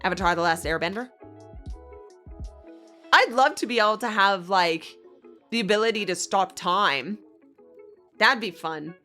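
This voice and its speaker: A woman's voice: medium pitch, lively intonation, unhurried, long pauses, sharp tone, faint music behind. A young Australian woman streaming, chatting casually and giggly with her viewers. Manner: bubbly, giggly, chats with viewers. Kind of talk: casual livestream chat.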